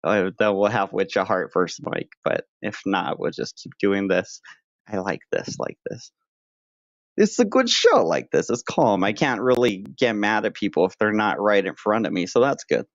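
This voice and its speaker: Crude joking streamer, dull lo-fi sound. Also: male voice, lowish voice, lively intonation, moderate pace, hardly any pauses, no room sound. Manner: crude, joking, mock-tough banter. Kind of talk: casual livestream chat.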